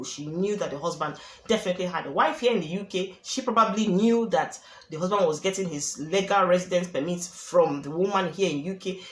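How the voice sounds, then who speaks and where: A woman with a fairly low voice tells a true-life story, casual and chatty, often repeating a phrase for emphasis. Her voice echoes around the room she records in. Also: fairly bright tone. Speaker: storyteller, channel host.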